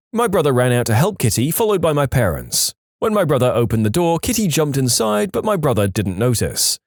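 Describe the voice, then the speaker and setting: A man narrating online stories with a very lively, bouncing delivery, his pitch rising and falling widely. He speaks into a close, dry mic with no room sound at all. The reading is animated, and he acts out the quoted lines in a raised voice. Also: no echo. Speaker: story narrator.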